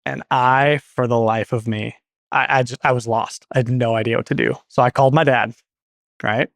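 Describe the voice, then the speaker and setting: Guest man, 30s, chatty and meandering, slips into quoted voices; mid-pitched, dry booth sound. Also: fairly even intonation, moderate pace, creaky, a bit bright, no room sound. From Portland, Oregon. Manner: rambling, self-correcting, acts out quoted dialogue. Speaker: guest, garage door business owner. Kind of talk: casual interview storytelling.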